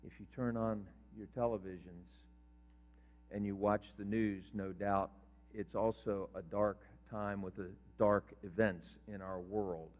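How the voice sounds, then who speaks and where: A man's voice: lowish voice, steady tone, a little slow. Older pastor guy preaching, asks the crowd questions, echoey hall, kinda dull audio. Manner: conversational, quizzes the congregation. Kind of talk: sermon. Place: church sanctuary. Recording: reverberant hall, dull lo-fi sound.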